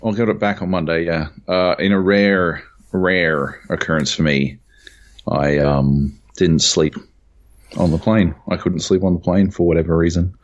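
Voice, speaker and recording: A man co-hosting a casual podcast, jet lagged and animated. His voice sits low, and he swears freely as he tells his stories. The recording sounds dull and lo-fi. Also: measured pace. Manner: animated storyteller, swears a lot. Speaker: podcast co-host. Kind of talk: casual chat. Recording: dull lo-fi audio.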